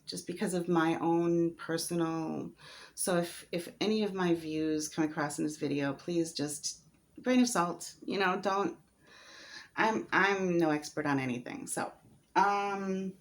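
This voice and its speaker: A woman telling her own story in a vlog, hesitant and candid, with many fillers and some laughs. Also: on the low side. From United States. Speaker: vlogger.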